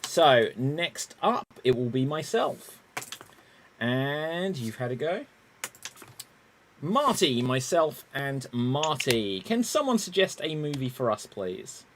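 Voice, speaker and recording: A man's voice: medium pitch, sing-song, takes it slowly, a bit bright, slight background noise. A man hosting an improv comedy show, upbeat, explaining the games and calling on players.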